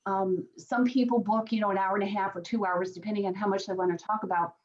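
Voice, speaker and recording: An earnest woman answering interview questions about her work as a psychic medium, restarting her sentences as she explains. Her voice sits at a middle pitch. The recording is muffled and lo-fi. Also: steady tone, fast, a little mellow. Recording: dull lo-fi sound.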